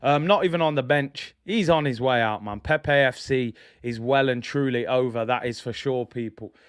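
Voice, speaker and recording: A man's voice: medium pitch, moderate pace, clean tone, no room sound, studio quality. A man hosting a football fan live stream, chatting casually and upbeat as he reads out viewer messages.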